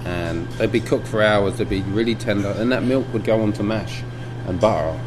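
A middle-aged man from England, a butcher shop owner talking in a documentary interview, relaxed and reflective with many ums and restarts. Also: fairly low pitch, normal speed. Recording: air conditioning hum behind.

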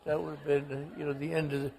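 Gravelly Southern man in his sixties, storytelling. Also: a little high, fast, long reverb tail. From American South. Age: 60s. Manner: animated storyteller, slips into quoted voices. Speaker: author as interview guest. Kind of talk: storytelling interview.

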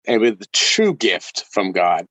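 A middle-aged man from Texas, a violinist guest, telling stories in a casual interview with laughs and animated delivery. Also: lowish voice, unhurried, no echo, low-quality recording. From El Paso, Texas.

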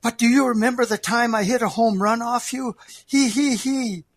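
A man's voice: very high-pitched, fairly even intonation, normal speed, breathy edge, dry recording, pitched above the performer's own voice. A man playing a stooped old man who giggles and repeats himself, eager and childlike. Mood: overjoyed. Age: older.

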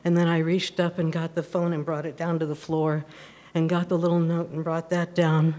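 A woman telling a true personal story at a live storytelling event, animated and often laughing as she talks. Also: low voice, moderate pace.

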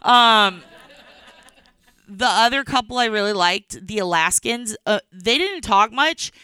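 A woman's voice: mid-range voice, expressive, measured pace, bright, forceful tone, smooth, dry recording. A woman from Texas telling rambling comic stories as a stand-up comedian, laughing between lines. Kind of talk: storytelling stand-up.

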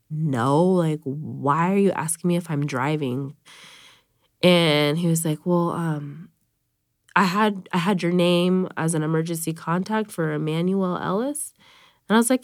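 A woman's voice: sits low, normal speed, a little mellow, no echo, clean studio sound. A woman around thirty telling her own story in an interview, candid and casual, full of fillers. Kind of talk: personal interview.

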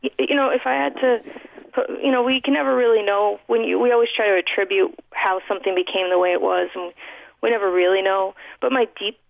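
A woman's voice: medium pitch, fairly even intonation, brisk, gravelly. A woman from New York City, a guest author in a radio interview, telling her life story in a heartfelt, reflective way with frequent restarts. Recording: dry, thin phone-like line.

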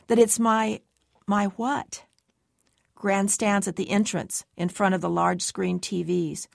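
A woman's voice: mid-range voice, gravelly, dry recording, clean studio sound. A woman giving tense, anxious first-person story narration as an audiobook narrator.

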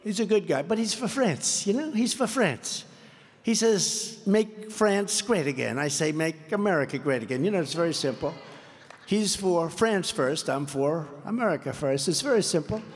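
A man's voice: high-pitched, animated, normal speed. An older man giving an off-script campaign rally speech, rambling and repetitive, telling boastful stories to a crowd. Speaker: political candidate at a rally. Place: large indoor rally venue. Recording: long reverb from a large hall.

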